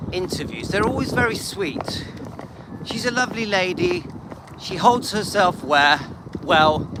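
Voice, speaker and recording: A man with an English accent hosting a walking vlog, out of breath and talking emphatically to his viewers. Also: high voice. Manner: emphatic, scornful asides to viewers. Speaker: channel host. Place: outdoors on a walk. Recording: loud wind and street noise outdoors.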